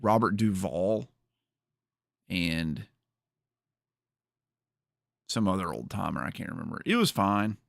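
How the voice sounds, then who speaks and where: A man's voice: low voice, sing-song, slow pace, creaky, pauses often, dry recording, studio quality. A man hosting a livestream, chatting casually and rambling with jokes to his viewers. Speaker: streamer host.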